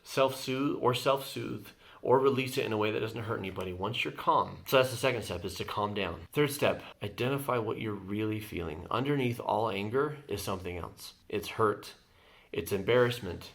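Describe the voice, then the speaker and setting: A man's voice: on the low side, moderate pace, creaky. A man, a therapist hosting his channel, talking through conflict steps in an earnest, explanatory way. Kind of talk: reaction video commentary, advice.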